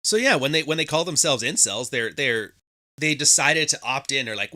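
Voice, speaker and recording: A man's voice: medium pitch, animated, normal speed, pushed and bright. A man hosting a podcast, talking casually in a profane, sarcastic monologue, often mimicking people mockingly. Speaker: podcast host.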